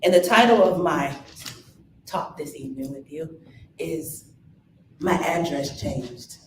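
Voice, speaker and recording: A lower-voiced woman gives a live inspirational talk on stage, urging the crowd to answer back. She sounds energetic and coaxing. Her voice carries through an echoey room, with a faint hum underneath. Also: slow. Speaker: motivational speaker. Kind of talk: live inspirational talk with audience call-and-response. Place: event hall with audience.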